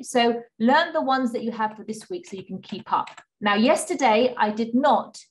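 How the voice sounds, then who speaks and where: Patient woman teaching Qur'an reading. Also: medium pitch. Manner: patient, repeats and checks with "okay?"; models Arabic sounds slowly, drawn out. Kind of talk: online class lesson.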